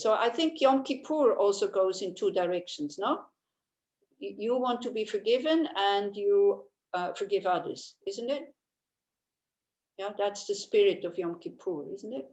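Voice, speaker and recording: A woman's voice: mid-range voice, lively intonation, normal speed, darkish tone, low-quality recording. A woman teaching a Buddhist class, talking in a conversational way and often checking in with tag questions while she answers listeners' questions.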